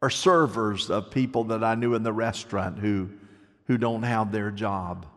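An older man preaching a sermon, telling stories and moving between lively stretches and soft, hushed passages. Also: fairly low pitch, moderate pace, in a large hall. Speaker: pastor.

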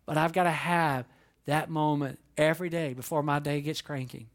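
High-voiced animated male pastor. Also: moderate pace. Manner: animated, acts out quoted voices, repeats words for emphasis. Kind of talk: sermon.

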